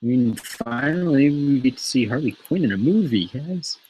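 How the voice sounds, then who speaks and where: A man's voice: medium pitch, lively intonation, normal speed, mellow, slight background noise, poor audio. A man hosting a casual show, rambling and swearing freely as he chats. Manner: profane, rambling, laughs often. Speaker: show host.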